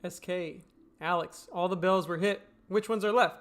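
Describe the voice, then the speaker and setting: A man hosting a live day-trading stream, reading viewer questions aloud and answering them bluntly in a relaxed, chatty way. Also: high voice, unhurried, long pauses. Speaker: day trading show host.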